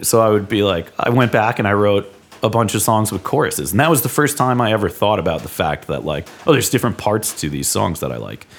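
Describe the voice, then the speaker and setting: A man, a songwriter, in a relaxed, rambling podcast chat, laughing often. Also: on the low side, a little fast, vocal fry. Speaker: songwriter guest.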